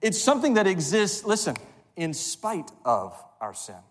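Man, pastor, sermon, call-and-response, high voice, long church reverb. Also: wildly swooping pitch, a little slow. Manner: preaching with call-and-response to congregation. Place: church sanctuary.

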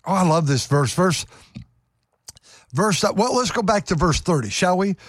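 A man's voice: expressive, moderate pace, slightly rough, dry recording, studio quality. A man preaching a sermon with fervor, repeating words and lifting his voice for emphasis. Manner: fervent, rising to a high pitch for emphasis, repeats words.

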